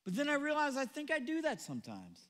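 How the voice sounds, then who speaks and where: A man preaching a sermon as pastor, animated, acting out the people in the story as he goes. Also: extremely high pitch, quick pace, in a large hall. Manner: animated, acts out quoted voices. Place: church auditorium.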